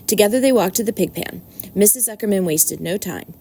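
A woman reading a children's storybook aloud at an unhurried, plain pace. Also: mid-range voice, lively intonation, dark tone, slight background noise.

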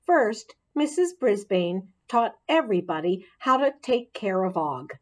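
A woman reading a children's chapter book aloud in an expressive, playful storytelling manner. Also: mid-range voice, a little slow. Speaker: audiobook reader.

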